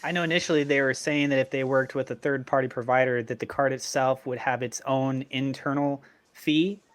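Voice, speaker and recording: A man hosting a casual live-stream discussion, animated and joking as he puts questions to the others. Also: mid-range voice, fairly quick, no room sound.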